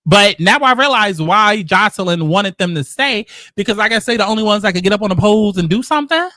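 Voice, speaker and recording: A man hosting casual reality-show commentary, telling the story in a sassy, profane, animated way. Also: high voice, fairly quick, no room sound, studio quality. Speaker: commentary host.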